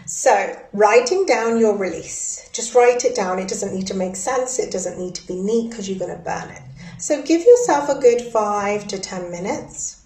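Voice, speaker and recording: A woman leading a guided breathwork and ritual session in a soothing, gently instructive way. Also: medium pitch, moderate pace. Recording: echoey room.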